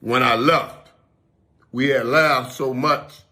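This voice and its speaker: A man's voice: medium pitch, steady tone, slow, pushed and bright. Emphatic man telling a heartfelt story. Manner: emphatic, repeats phrases for weight. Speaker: former football player.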